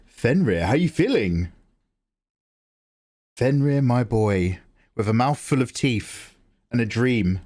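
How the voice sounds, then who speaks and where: A man's voice: mid-range voice, expressive, slow, long pauses, a little mellow. Young streamer host, playful and jokey, chats with viewers at his desk mic. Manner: playful, jokey, mock-grand asides. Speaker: livestream artist host. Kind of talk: casual chat reading viewer messages.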